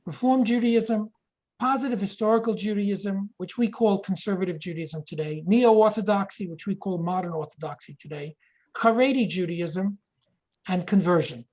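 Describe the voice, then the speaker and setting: A woman's voice: mid-range voice, moderate pace, a little mellow, rough recording. A woman giving a history lecture, explaining points and reading quotations aloud, sometimes correcting herself mid-sentence.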